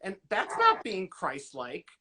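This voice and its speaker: A man hosting a casual phone livestream, excitable and gushing as he rambles on. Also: high voice, slow, husky. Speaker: livestream host.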